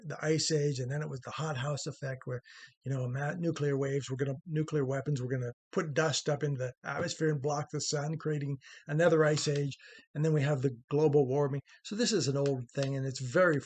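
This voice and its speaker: Husky middle-aged man rambling commentary. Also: a little high, a little mellow. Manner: rambling, conversational, many fillers and restarts, earnest. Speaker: host. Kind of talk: opinion commentary monologue.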